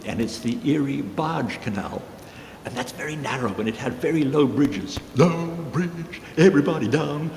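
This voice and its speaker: A man musician telling a rambling story in a casual way, pausing with fillers. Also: mid-range voice, vocal fry, a little mellow, slight background noise. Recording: reverberant hall with guitar music.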